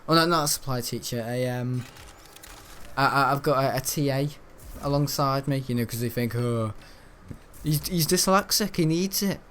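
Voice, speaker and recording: Chatty teen gamer. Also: male voice, mid-range voice, moderate pace, fairly bright tone, slight background noise. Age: teens. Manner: rambling, chatty, grumbling. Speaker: gaming channel host. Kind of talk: casual gameplay commentary.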